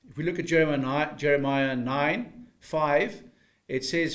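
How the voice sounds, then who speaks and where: An older man from South Africa gives a preachy talk to camera. He keeps asking rhetorical questions, and his voice sits a little high for a man. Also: a little slow, fairly bright tone. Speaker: commentator. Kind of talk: speaking to camera.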